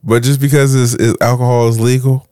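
A man's voice: mid-range voice, little pitch movement, a little fast, warm tone, no room sound, clean studio sound. A man co-hosting a podcast, talking bluntly and jokingly, swearing freely. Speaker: podcast co-host. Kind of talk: casual chat.

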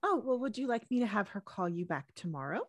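A woman's voice: medium pitch, very animated, fast talker, dry recording, clean studio sound. A woman playing a polite phone clerk. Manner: polite, helpful.

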